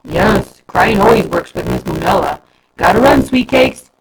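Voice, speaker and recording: A woman reading aloud and voicing a big, strong, pushy schoolgirl with a crush, talking loudly and eagerly, with a lot of background noise. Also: mid-range voice, animated, unhurried, gravelly.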